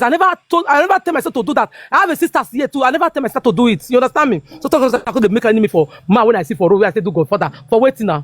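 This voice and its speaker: A woman's voice: on the high side, no room sound. A Nigerian woman in her fifties talking heatedly and emphatically, repeating herself and checking that she is understood. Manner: emphatic, repetitive, keeps asking "you understand me?". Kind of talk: heated casual talk in Pidgin-laced English.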